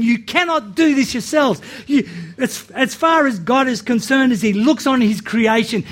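Man, preacher, sermon, high voice, earnest, repeats words, acts out quotes. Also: a bit bright. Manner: earnest, repeats words when starting phrases; acts out Bible quotes with rising and dropping voice.

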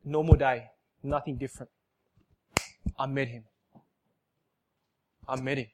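A man giving an emotional church testimony, emphatic and repetitive, swinging from loud outbursts to soft, hushed lines. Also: medium pitch, steady tone, measured pace, slight background noise. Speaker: speaker giving a personal testimony.

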